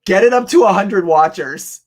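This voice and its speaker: An excitable young man chats on a casual live stream with a voice pitched a little higher than most men's. He laughs often and talks straight to his viewers, thinking out loud as he works. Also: moderate pace. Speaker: online reseller hosting a live stream. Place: home office.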